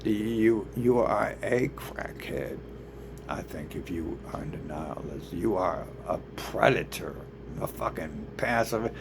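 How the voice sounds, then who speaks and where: A man's voice: low voice, lively intonation, slow pace, creaky, noisy background. A man ranting in a rambling, profane monologue, swearing constantly and restarting his sentences. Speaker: vlogger.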